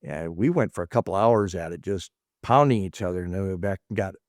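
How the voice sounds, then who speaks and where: A low-voiced, fast-talking middle-aged martial arts instructor from the US tells casual, rambling anecdotes, performing quoted dialogue. His tone is a little mellow, and the recording is dry and studio-clean.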